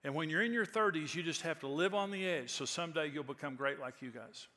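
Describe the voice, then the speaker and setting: Older pastor preaching in a reverberant hall. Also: male voice, on the high side, quick pace, sharp tone. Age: 60s. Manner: conversational, anecdotal, rising to emphatic peaks. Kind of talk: sermon with storytelling.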